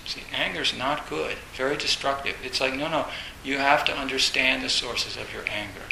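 A man gives a dharma talk in an echoey room with a faint hiss behind him. His voice is bright and a little gravelly, set somewhat high. He rambles and repeats himself, filling gaps with "uh" and "you know". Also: fairly even intonation, normal speed. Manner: rambling, repeats phrases, many fillers; acts out inner voices, bursts loud. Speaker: Zen teacher.

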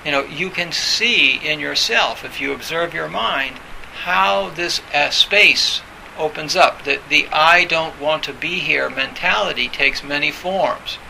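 Gravelly bright man giving a dharma talk. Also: a little high, a little slow, low-quality recording. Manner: conversational, many fillers and restarts, acts out quoted voices. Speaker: meditation teacher. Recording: faint hiss.

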